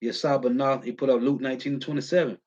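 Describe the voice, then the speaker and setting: A man preaching in a slangy, emphatic way, keeping up a steady "man" as he reads and comments on scripture verses. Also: medium pitch, fast. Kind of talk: street-style scripture teaching, reading verses. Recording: muffled lo-fi audio.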